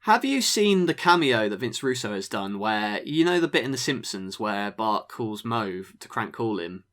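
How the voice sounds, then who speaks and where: Relaxed man recapping matches. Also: lowish voice, moderate pace. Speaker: podcast co-host. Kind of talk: casual review chat.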